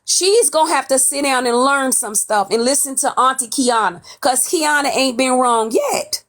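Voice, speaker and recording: A woman's voice: sits high, normal speed, fairly bright tone. A woman from New York hosting a livestream, putting on a Southern accent and talking in a blunt, sassy way, swearing freely as she comments on gossip from home. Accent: put-on Southern drawl. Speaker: livestream host. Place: at home, off camera.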